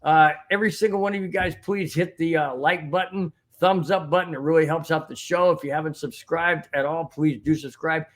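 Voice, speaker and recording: A man's voice: a little high, steady tone, brisk, few pauses. Fired-up man ranting on a sports podcast. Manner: rambling and indignant, with many restarts and repeated phrases. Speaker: podcast host reading live chat. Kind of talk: heated sports recap with chat.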